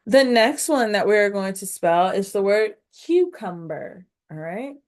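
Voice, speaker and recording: Slow, instructive woman teaching phonics. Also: mid-range voice, lively intonation, darkish tone. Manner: slow, instructive, sounding out syllables; encouraging, addresses learners directly. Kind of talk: phonics lesson video.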